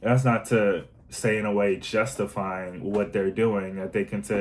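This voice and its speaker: A man's voice: on the low side, steady tone, measured pace, few pauses, darkish tone, a little hiss or hum, low-quality recording. A man talking in a casual self-help monologue, earnest and rambling with many fillers.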